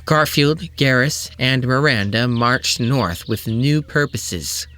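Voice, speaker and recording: A man's voice: medium pitch, fairly bright tone. A man narrating a comedic fanfiction audiobook, reading absurd prose in an earnest, straight tone. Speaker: audiobook reader.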